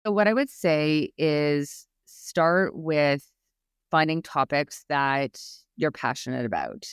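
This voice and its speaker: A woman's voice: sits low, animated, slow pace, clear, resonant tone, no echo, clean studio sound. Earnest, encouraging woman guest. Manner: earnest, encouraging, with frequent restarts. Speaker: guest expert on public speaking anxiety. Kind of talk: podcast interview.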